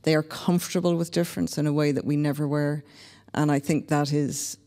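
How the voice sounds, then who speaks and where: On a discussion panel, a Northern Irish woman talks a little fast in a low, dark-toned voice with fairly even intonation. Her remarks come across as reflective, candid, and wry, with a hall's long reverb around them.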